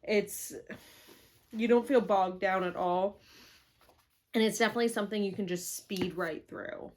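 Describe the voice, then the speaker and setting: Slow-talking chatty woman vlogger. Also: medium pitch, steady tone, a little hiss or hum. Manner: rambling and chatty, full of "like" and "um"; playful and self-mocking. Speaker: book vlogger. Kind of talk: casual chat. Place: home office.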